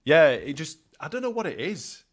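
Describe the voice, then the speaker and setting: A man's voice: on the high side, very animated, normal speed. A man co-hosting a casual football podcast, chatting loosely, swearing freely and laughing often. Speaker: podcast co-host.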